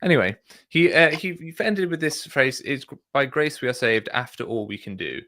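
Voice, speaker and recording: A man hosting a casual discussion, talking in a thoughtful, measured way with frequent fillers. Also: medium pitch, lively intonation, bright, forceful tone, no echo, clean studio sound. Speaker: podcast host.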